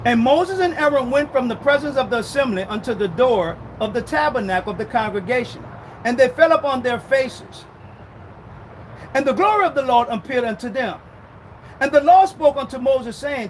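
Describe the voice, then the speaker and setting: A man preaching with a very high, lively voice that swoops up and down. He retells scripture in an animated, dramatic way. A faint noise hums behind him. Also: normal speed, low-quality recording. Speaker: pastor. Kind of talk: sermon.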